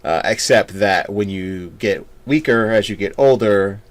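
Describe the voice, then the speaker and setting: A man's voice: fairly low pitch, a little slow. A man hosting a casual tabletop game chat, easygoing and hesitant, with frequent fillers. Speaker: host.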